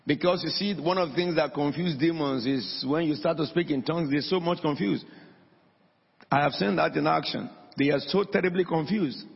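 A man's voice: a little high, gravelly, husky. A man preaching a sermon in a church hall, emphatic and calling out to his congregation. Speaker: pastor. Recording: dull lo-fi recording in a long-reverb hall.

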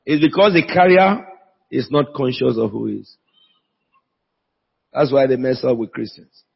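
A pastor preaches a sermon in an echoey church hall, emphatically calling out to the congregation and drawing replies in call-and-response. His mid-range voice is expressive and husky with vocal fry, at a moderate pace, and the sound is dull and lo-fi.

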